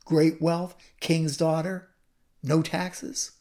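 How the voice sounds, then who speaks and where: A woman's voice: low voice, flat delivery, very slow, mellow. A woman voicing a bold, eager young shepherd who keeps asking the same question.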